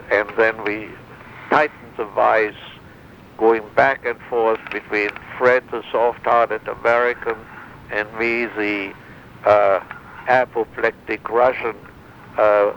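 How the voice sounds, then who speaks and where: An older man speaks slowly and haltingly, trailing off into fillers and restarting his sentences as he recounts his memories. His voice sits in a middle pitch. The recording is dull and lo-fi, with a faint noise underneath. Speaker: interviewee, former wartime interrogator.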